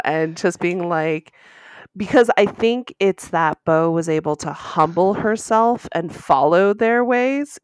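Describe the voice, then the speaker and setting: Woman, unhurried delivery, gushing fan, casual podcast chat, dry close sound. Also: sits low, dry recording. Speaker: podcast co-host.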